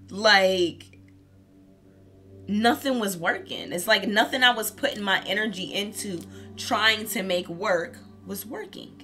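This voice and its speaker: Bright-voiced woman reading tarot casually. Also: mid-range voice, slow, pauses often, soft background music. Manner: candid and profane, laughs often. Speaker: tarot reader.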